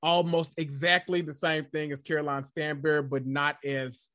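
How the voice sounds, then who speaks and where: A man chatting casually about reality TV as a podcast host, analytical and animated when quoting people. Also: fairly high pitch, normal speed. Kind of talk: casual reality-TV recap chat.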